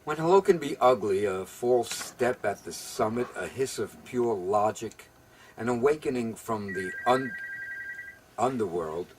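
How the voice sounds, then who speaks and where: A man reading his own poem aloud during a casual home interview, with quick, rambling, self-deprecating asides. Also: medium pitch, animated, a little hiss or hum, low-quality recording. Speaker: poet.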